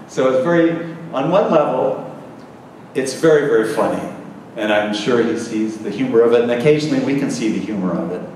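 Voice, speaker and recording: A man's voice: mid-range voice, darkish tone. A middle-aged man gives an informal spiritual talk to a gathering, telling stories with casual asides and repeating words. He is recorded from a distance in a large hall, his voice ringing with a long reverb over a faint hiss of ambience. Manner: conversational, storytelling, with quick asides and repeated words. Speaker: visiting spiritual speaker. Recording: echoey hall recorded from far off.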